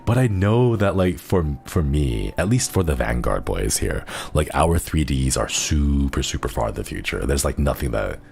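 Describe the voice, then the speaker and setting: A man's voice: very deep voice, very animated, moderate pace, gravelly, hardly any pauses, darkish tone. A young man streaming as a virtual idol, chatting casually in a rambling way full of fillers and giggly asides. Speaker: VTuber streamer. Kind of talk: casual chat.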